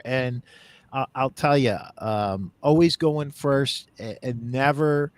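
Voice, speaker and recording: A man hosting a podcast interview, telling stories in a casual, animated way and laughing easily. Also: medium pitch, slow pace, no echo. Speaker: podcast host.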